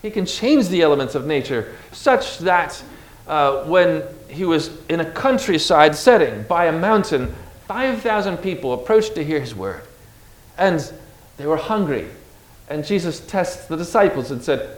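A man delivers a lively sermon, pressing each point home and drawing his congregation in to repeat his words. His voice sits fairly high. It rings through a reverberant hall. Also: unhurried. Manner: energetic, emphatic, has the congregation repeat words. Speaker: preacher. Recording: echoey room.

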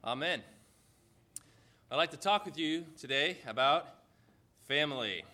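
A man preaching a sermon, retelling a scripture story with slow, emphatic pauses and rhetorical questions. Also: fairly high pitch, animated, sharp tone.

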